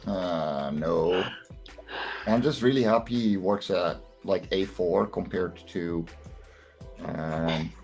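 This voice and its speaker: A man's voice: low-pitched, slow, gravelly, a little mellow, soft background music. A man co-hosting a casual online drawing stream, explaining his work as he thinks aloud. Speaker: stream co-host and comic creator. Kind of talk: casual chat while lettering comics live.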